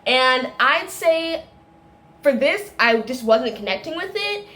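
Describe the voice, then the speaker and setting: A woman's voice: high voice, big pitch swings, takes it slowly, pushed and bright. A woman reviewing a film in a casual, rambling monologue, full of tangents, fillers and self-corrections, laughing often. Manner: laughs often while talking.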